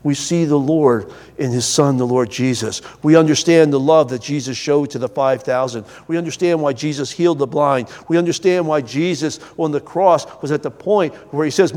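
A pastor delivers a sermon in a church sanctuary, his voice sitting high for a man. He is earnest, climbing to emphatic peaks before sinking back low and quiet. A long reverb hangs behind him from the hall. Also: moderate pace, few pauses.

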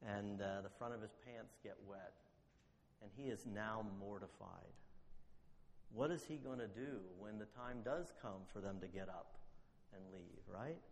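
A man preaching a sermon, telling a story and asking rhetorical questions, slowing down to stress key words. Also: on the low side, vocal fry. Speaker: pastor. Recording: long hall reverb.

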